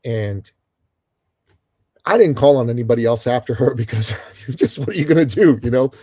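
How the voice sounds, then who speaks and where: Middle-aged guy from iran spinning a story, keeps saying brother, warm low tone. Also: normal speed, husky, no echo. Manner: animated storyteller, calls host brother. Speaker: guest. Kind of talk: storytelling interview.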